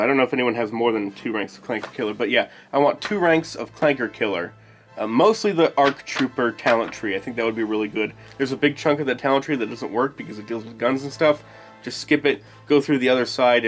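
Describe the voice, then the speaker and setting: A man talks through tabletop game mechanics in a loose, off-the-cuff way. He rambles, thinks aloud and gets excited as ideas pile up, at an ordinary middle pitch. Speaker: tabletop RPG guide host. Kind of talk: casual game explanation.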